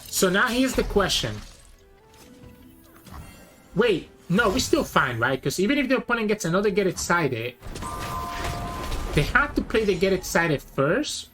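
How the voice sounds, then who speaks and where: Animated man thinking through card plays. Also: sits high. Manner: thinks aloud, weighing each play. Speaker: card game streamer. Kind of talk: live gameplay commentary.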